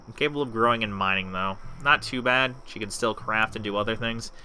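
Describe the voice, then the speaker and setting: Bright-voiced man cursing through gameplay commentary. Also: medium pitch, moderate pace, a little hiss or hum. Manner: swears freely, chats to himself and the game. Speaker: let's play host.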